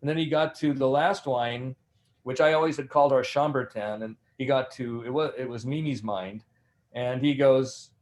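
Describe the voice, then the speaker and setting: An older man, a winemaker and master sommelier, telling rambling, animated stories in an interview. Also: medium pitch, moderate pace. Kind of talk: anecdotal interview storytelling.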